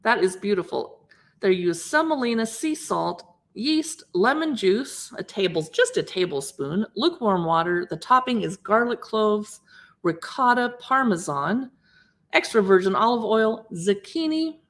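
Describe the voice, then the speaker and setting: This livestream host is a woman in her fifties with a mid-range voice, lively intonation and an unhurried delivery. Paging through a cookbook in a casual stream, she reads out recipe names and greets the people watching.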